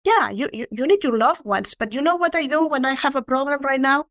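A woman speaking earnestly and reflectively about letting go and forgiveness, slowing down to stress key points. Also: high voice, fairly bright tone, no echo. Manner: earnest, reflective, slows for emphasis. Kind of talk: spiritual talk on forgiveness.

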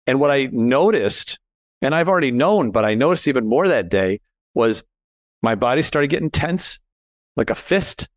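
A man hosting a casual conversation, telling personal stories with animated quoted dialogue. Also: normal speed, dry recording, studio quality. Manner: animated storyteller, rises in pitch acting out quotes.

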